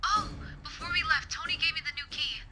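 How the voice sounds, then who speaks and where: A man's voice: extremely high pitch, brisk, over loud music, voice pushed up. A man putting on a worried young wife on the phone. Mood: anxious.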